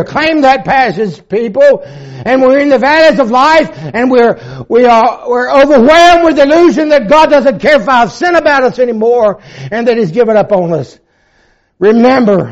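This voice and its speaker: Older male preacher, fervent, high-pitched voice, dull lo-fi recording. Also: expressive, moderate pace. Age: 70s. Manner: fervent preaching, swinging between loud emphasis and hushed, low reflection; quotes old-fashioned scripture wording. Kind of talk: sermon.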